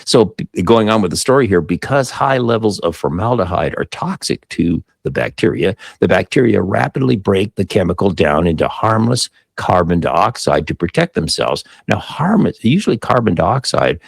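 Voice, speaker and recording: A man's voice: low voice, big pitch swings, normal speed, vocal fry, hardly any pauses, breathy edge, no echo, clean studio sound. A man co-hosting a casual tech talk show, reading articles aloud and reacting with amused asides. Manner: reads headlines then reacts with amused asides and chuckles. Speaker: co-host.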